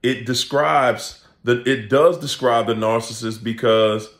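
A man, hosting a casual comedic vlog rant, laughing often and animated as he acts out quoted voices. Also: mid-range voice, measured pace. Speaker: channel host and coach. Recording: echoey room.

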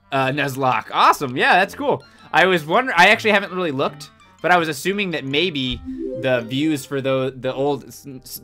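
A man's voice: a little high, bright, forceful tone. A young man live-streaming a game from home, chatty and goofy as he thanks viewers and reacts to chat. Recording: game music behind the voice.

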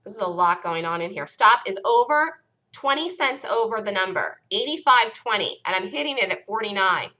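A woman hosting a live day-trading room, calling out entries and stops in an urgent, rapid-fire way, her voice worn and close to giving out. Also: medium pitch, lively intonation, sharp tone. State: losing her voice. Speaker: day-trading show host.

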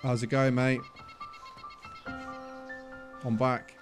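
A young man with a British accent, commentating his gameplay with cheeky humour and getting loud and exasperated when ignored. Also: medium pitch, flat delivery, very slow, music in the background. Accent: British English. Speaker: gaming YouTuber.

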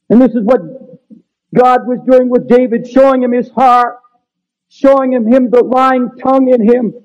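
A man's voice: very high voice, darkish tone. A man preaching a sermon in an earnest, pleading manner that builds to raised, urgent emphasis. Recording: dull lo-fi sermon recording.

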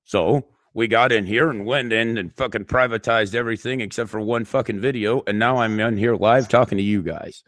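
A man's voice: on the low side, steady tone, a little fast, few pauses, a bit bright, dry recording, clean studio sound. A man hosting a live stream, upset and near tears, swearing constantly as he pleads with his viewers. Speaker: YouTube channel host. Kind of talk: emotional live-stream rant.

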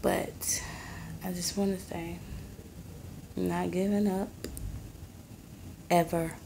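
A young woman in her twenties talks straight into her phone in a cramped apartment, rambling in a hushed, soft-spoken way. Her voice is low and gravelly with a lot of fry. She takes her time and drags each thought out slowly. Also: flat delivery, noisy background. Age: 20s. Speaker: vlogger and mother. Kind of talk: casual rambling vlog. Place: small apartment.

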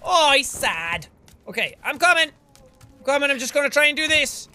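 A man in his twenties giving excitable let's play commentary, talking to an in-game creature like a pet and swearing now and then. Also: very high-pitched, moderate pace, over loud music. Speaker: gaming video host.

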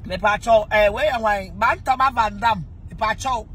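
A woman with a Ghanaian accent hosting a casual livestream, animated and teasing, pleading with viewers and swinging between laughter and mock crying. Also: medium pitch, fairly quick, slight background noise. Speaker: livestream host asking viewers for money.

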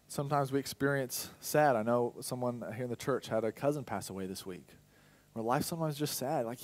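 A young man preaching a sermon in a church, acting out inner dialogue with sudden loud, high bursts. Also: brisk. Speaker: pastor.

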